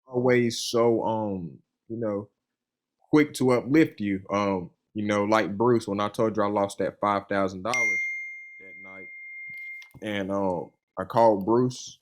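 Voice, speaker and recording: A young man who trades with funded capital speaks casually and earnestly in an interview, telling stories loosely and peppering them with "you know" and "man." His voice sits on the low side, with fairly even intonation and a slightly slow pace. He comes across as earnest and enthusiastic.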